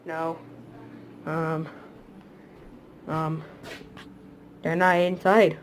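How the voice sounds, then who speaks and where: A creator narrating a comedy toy video in a casual, low, mumbling way with many hesitant fillers. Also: level tone, slow, pauses often, a little hiss or hum.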